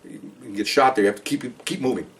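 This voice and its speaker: A man's voice: mid-range voice, quick pace. A man, a veteran police officer, telling a story from his career in a rambling way and acting out the quotes. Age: older. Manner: rambling, animated retelling with acted-out quotes. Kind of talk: casual storytelling. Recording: voice a bit far from the mic.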